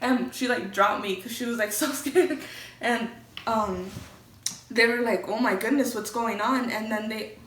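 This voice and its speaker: A woman's voice: fairly high pitch, a little slow, fairly bright tone, a little hiss or hum. A young woman vlogger telling a storytime in a candid, chatty way, swearing freely. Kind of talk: casual storytime. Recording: roomy echo, from a distance.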